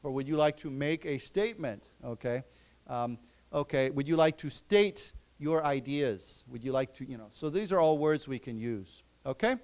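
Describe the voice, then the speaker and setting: A man teaching English to a class, explaining words and repeating them slowly for his students. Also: mid-range voice, animated, a little mellow. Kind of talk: classroom lesson. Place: library lecture room.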